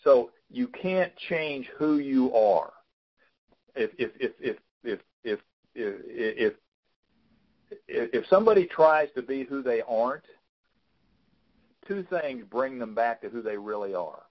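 A man's voice: medium pitch, expressive, slow pace, pauses often. Man, consultant, coaching call, fatherly advice, repeats words, dull lo-fi sound. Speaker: business consultant.

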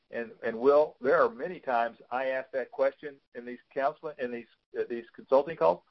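A man's voice: mid-range voice, moderate pace, hardly any pauses, lo-fi sound. A man coaching a client on a call, giving frank, fatherly advice and often repeating words as he talks. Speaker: business consultant.

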